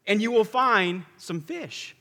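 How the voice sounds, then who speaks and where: A calm male teacher, voiced by a preacher speaks gently and asks quiet questions. His voice is high and bright. A long reverb fills the hall around him. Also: slow, full character voice. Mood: calling.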